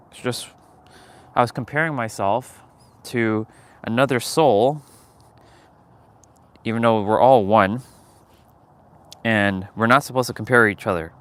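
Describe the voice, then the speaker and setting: A young adult man talks through his own livestream in a loose, confessional way. He speaks candidly and with feeling, drops swear words, and often restarts his sentences. His voice sits at a middle pitch for a man. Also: a bit bright. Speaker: livestream host. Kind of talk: casual confessional livestream talk.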